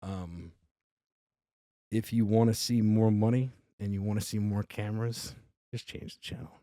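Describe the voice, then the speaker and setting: A man's voice: fairly low pitch, moderate pace, no room sound. New comedian guy riffing on a podcast, acts out what people said, cusses a lot, dead dry mic. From Staten Island, New York. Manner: animated storyteller who acts out quotes and swears freely. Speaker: guest comedian. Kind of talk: casual podcast chat.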